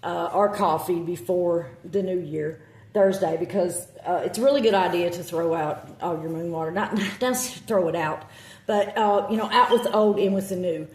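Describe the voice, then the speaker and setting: A woman's voice: lowish voice, normal speed, a little mellow, reverberant. A woman with a Southern accent chatting casually to her phone camera, rambling with lots of ums and self-corrections. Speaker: witch vlogger.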